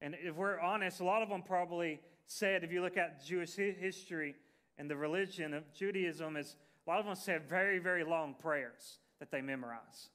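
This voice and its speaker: A man's voice: on the high side, normal speed, a bit bright. A male pastor preaching a sermon in a conversational, folksy way, with fillers and restarts.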